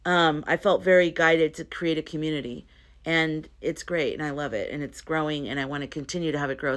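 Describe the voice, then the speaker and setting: A woman's voice: sits low, a bit bright. A woman talking to camera in a casual vlog, earnest and rambling, often interrupting herself. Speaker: spiritual content creator.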